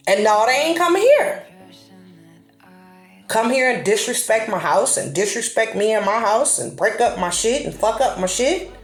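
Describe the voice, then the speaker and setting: A woman host giving casual commentary to her camera, blunt and profane, telling her stories with animation. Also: a little high. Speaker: channel host. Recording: echoey room with faint music.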